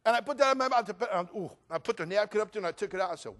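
A male pastor preaching a sermon, swinging from loud rants to quiet asides. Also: sits high, expressive, racing. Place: church.

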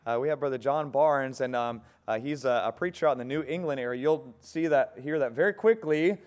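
A pastor with a Californian accent, making relaxed, halting church announcements and introducing a guest preacher. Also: male voice, mid-range voice. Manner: easygoing, halting, many fillers. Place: church sanctuary.

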